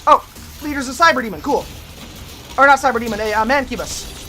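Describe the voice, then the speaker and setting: A woman streamer giving live gameplay commentary, excitable, yelling and cursing at enemies and cheering her wins. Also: on the high side, brisk, soft background music.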